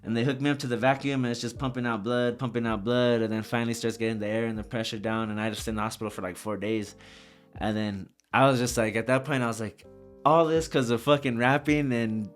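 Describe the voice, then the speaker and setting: Young man, rapper, profane storyteller, casual, animated, faint music behind. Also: fairly low pitch, fast talker. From Socorro. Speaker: rapper guest.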